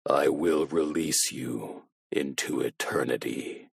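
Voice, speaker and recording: A man voicing a cold hooded captor who speaks in a low, slow, robotic monotone through a voice changer. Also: creaky, slightly rough, no echo, clean studio sound, exaggerated voice. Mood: cold menace.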